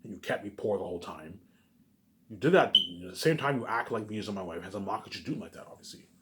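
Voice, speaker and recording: A man's voice: fairly low pitch, lively intonation, quick pace, a crowd in the background. A man giving a rambling, repetitive monologue to camera that turns into a heated rant, with frequent swearing. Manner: swears often, keeps saying "obviously". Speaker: vlogger.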